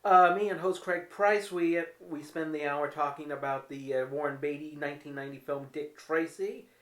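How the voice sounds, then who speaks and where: A man's voice: fairly high pitch, fairly even intonation, normal speed, fairly bright tone. A man vlogging casually from his apartment, telling stories with wry, candid, self-mocking humor. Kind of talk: casual home vlog storytelling. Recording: roomy echoey room.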